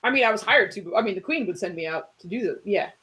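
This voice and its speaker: A woman's voice: medium pitch, animated, quick pace, fairly bright tone. A woman running a tabletop role-playing game, narrating scenes and voicing characters in a chatty, casual way. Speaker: game master.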